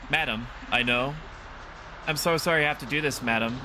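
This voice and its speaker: A man voicing an apologetic young debt collector in a lowered, solemn voice. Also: brisk, pushed and bright, a little hiss or hum.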